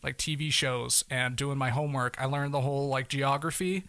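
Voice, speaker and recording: A young man, a podcast guest, telling a long personal story in a relaxed, rambling way. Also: mid-range voice, moderate pace, no echo. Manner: relaxed, rambling, fond of "kind of a thing". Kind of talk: casual storytelling.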